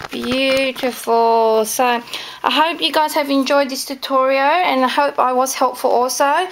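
A woman's voice: on the high side, creaky, fairly bright tone. A woman explaining sewing steps in a casual, chatty home tutorial, gushing over her handmade dolls. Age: adult with children. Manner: chatty and gushing, with many fillers. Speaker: craft tutorial maker.

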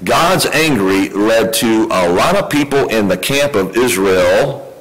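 A man's voice: lowish voice, animated, slow, fairly bright tone, poor audio. A male pastor preaching a sermon in a conversational way, often asking his congregation questions. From United States.

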